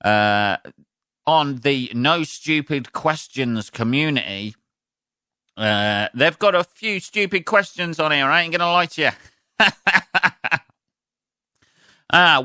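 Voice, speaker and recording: A man's voice: on the high side, lively intonation, slow pace, long pauses, sharp tone, smooth, no echo, clean studio sound. Sniffly man ranting on his podcast. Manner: rambling, swears a lot, laughs at own jokes. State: sniffly, sneezing. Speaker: podcast host. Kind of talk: casual solo podcast rant.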